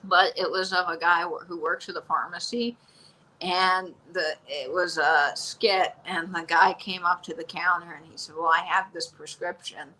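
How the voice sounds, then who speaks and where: A woman hosting a casual live-stream chat, telling stories in an animated, chatty way. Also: fairly low pitch, normal speed, slight background noise, poor audio. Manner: chatty storyteller, animated retelling. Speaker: shop host.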